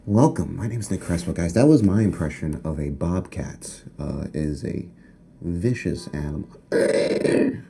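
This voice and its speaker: Deep, dark-toned male comic for a rambling sketch monologue, stop-start with loud outbursts. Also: measured pace, vocal fry. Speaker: comedian in a sketch. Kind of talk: deadpan sketch comedy monologue.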